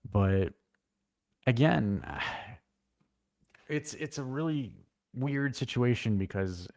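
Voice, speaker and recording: A man co-hosting a casual football live stream, blunt and animated, swearing freely as he tells stories. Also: mid-range voice, drawn-out words, dry recording, clean studio sound. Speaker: co-host.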